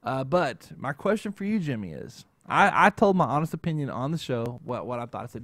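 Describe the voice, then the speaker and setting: A man's voice: mid-range voice, sing-song, brisk, few pauses, a bit bright, no room sound. Rambling man hosting a casual talk show. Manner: rambling, keeps adding "okay?". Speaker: show host. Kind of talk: casual chat.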